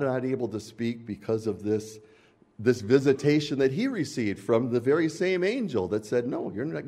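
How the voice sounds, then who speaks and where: A man's voice: medium pitch, dark tone. A man preaching a sermon, explaining scripture in an earnest teaching tone.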